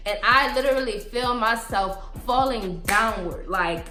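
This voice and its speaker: A young woman with a Southern US accent telling a storytime vlog in an animated, dramatic way, full of fillers. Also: a little high, unhurried. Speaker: vlogger. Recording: echoey room with faint music.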